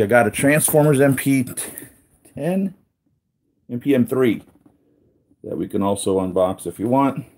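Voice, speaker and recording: A man with a low, mellow voice hosts a relaxed toy unboxing stream. He rambles easily, circling back on himself and tossing asides to whoever is watching. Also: slight background noise. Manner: rambling, easygoing, with many restarts and asides. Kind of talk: casual live unboxing chat.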